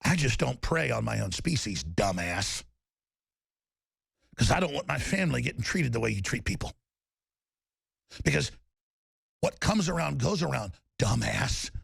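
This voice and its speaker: A male talk show host in an angry, profane on-air rant, shouting insults at his targets. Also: mid-range voice, sing-song, moderate pace, vocal fry, pauses often, husky.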